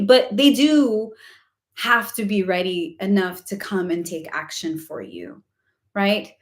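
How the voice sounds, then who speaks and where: A woman chats casually to her audience on a long live stream. She fills her talk with "like" and breaks into easy laughter. Her voice is turning hoarse after hours of speaking. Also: medium pitch, normal speed, reverberant. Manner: chatty, says "like" often, laughs easily. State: voice going hoarse from talking for hours. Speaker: host of a spiritual live Q&A.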